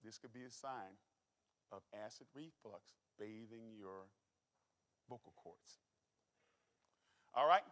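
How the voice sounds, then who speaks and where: A man's voice: on the low side, slow, pauses often. A middle-aged man giving a folksy, joking health talk as a doctor to a live audience. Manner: folksy, animated, joking with the crowd. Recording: long hall reverb.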